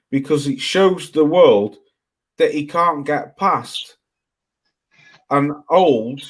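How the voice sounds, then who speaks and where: A man co-hosting a boxing talk show, pushing hard to finish his points in a heated casual debate. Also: a little high. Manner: talks over others, insists on finishing. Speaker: podcast co-host.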